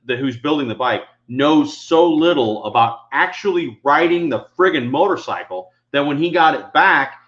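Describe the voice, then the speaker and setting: A man's voice: fairly high pitch, a bit bright. A middle-aged man co-hosting a casual chat, rambling through stories while drinking. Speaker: co-host. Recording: dull lo-fi sound.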